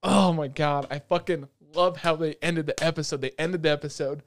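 A man hosting an anime podcast in casual chat, excitable and profane, laughing often. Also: fairly high pitch, fairly quick, a little hiss or hum. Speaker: podcast host. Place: at home, talking over Discord.

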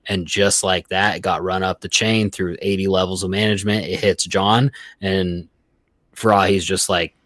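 A young man with a deep, low voice chats on a podcast, full of swearing and quick asides. He acts out what coworkers said as he tells the story. The sound is dry and close to the mic. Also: level tone, fairly bright tone, no room sound. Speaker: podcast guest. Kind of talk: casual podcast chat.

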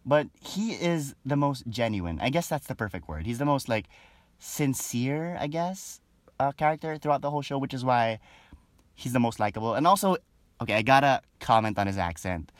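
A man talks straight to camera in a chatty, animated vlog rant, his pitch leaping up and down all the time. The sound is dry and close with no room echo, and his talk is loose, full of fillers and quick asides. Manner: breaks into laughter often. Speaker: show reviewer. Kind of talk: casual opinion vlog.

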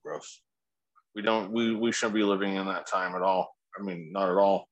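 A man's voice: low-pitched, flat delivery, moderate pace, no echo, dull audio. A man co-hosting a casual podcast, laid-back and rambling, swearing freely. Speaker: podcast co-host.

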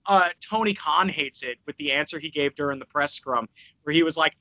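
A man hosts a casual podcast, animated and profane as he rants. His voice is bright and forceful. The sound is a little dull and lo-fi. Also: a little high, brisk. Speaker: podcast host.

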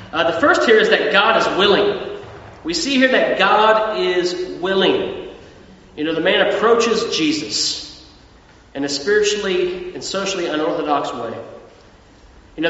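A man's voice: on the high side, fairly bright tone. A man preaching a conversational sermon as pastor, repeating words and using many fillers. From Australia. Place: church. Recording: echoey hall from far off, dull sound.

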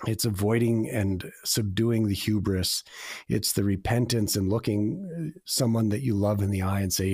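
A man's voice: lowish voice, moderate pace, a little mellow, dry recording, clean studio sound. A man in a reflective faith conversation, speaking earnestly and confessionally, repeating phrases for emphasis.

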